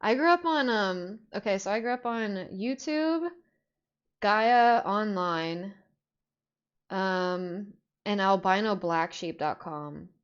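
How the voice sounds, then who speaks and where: A woman's voice: medium pitch, lively intonation, slow, smooth. Rambling young woman, slightly muffled recording. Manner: rambling, filler-heavy, swears freely. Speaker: podcast host. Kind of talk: casual storytelling chat.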